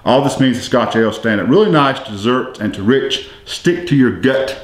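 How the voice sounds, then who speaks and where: A man's voice: medium pitch, animated, normal speed. A man hosting a casual beer-tasting podcast, chatty and easygoing, reading tasting notes. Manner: reads brewery notes aloud, easygoing and chatty. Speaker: podcast host. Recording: echoey room.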